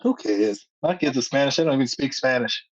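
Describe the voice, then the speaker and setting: A man's voice: mid-range voice, fairly quick, no echo, dull audio. A man who is a comedian, guest on a podcast, telling stories in casual chat and acting out quotes with street slang. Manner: animated storyteller, acts out quotes, street slang.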